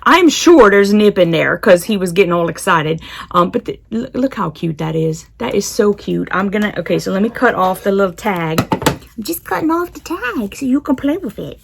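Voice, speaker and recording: A woman's voice: medium pitch, very animated, normal speed, creaky, slight background noise. A woman chatting casually while unboxing, giggling often and talking to her cat. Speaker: unboxing vlogger.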